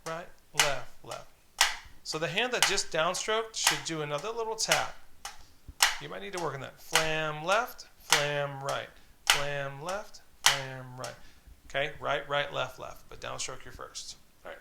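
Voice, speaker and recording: A man with a gravelly, slightly high voice teaches drum rudiments, patiently calling out stickings and counting in each exercise. Loud stick clicks and drumming sit behind his voice throughout the recording. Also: very noisy. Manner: patient, encouraging, counts aloud and calls out stickings. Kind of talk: instructional tutorial, counting off exercises.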